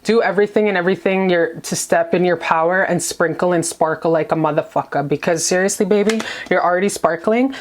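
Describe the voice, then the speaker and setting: Female tarot reader, slightly low voice, effusive and profane, chatty check-ins. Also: a little fast, hardly any pauses. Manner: gushing, profane and playful, lots of "okay?". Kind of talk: casual tarot reading to camera.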